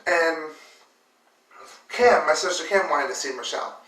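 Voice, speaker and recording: Bright-voiced woman telling an emotional story. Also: deep voice, measured pace. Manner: emotional, full of fillers and repeated words. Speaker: vlogger. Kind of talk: personal storytelling. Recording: roomy echo, distant mic.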